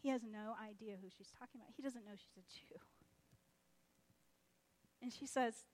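A woman preaching a sermon as lively, chatty storytelling, acting out the characters' voices. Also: high-pitched, moderate pace. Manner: animated, chatty, acts out voices.

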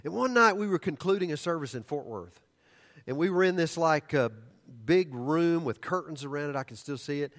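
Older preacher telling a sermon story. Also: male voice, a little high, normal speed. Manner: animated storytelling that drops to hushed, earnest tones.

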